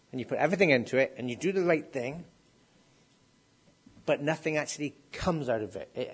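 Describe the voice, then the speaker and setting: Man preaching a sermon, slightly high voice. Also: slightly rough. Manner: asks the congregation questions, rises to emphatic declarations.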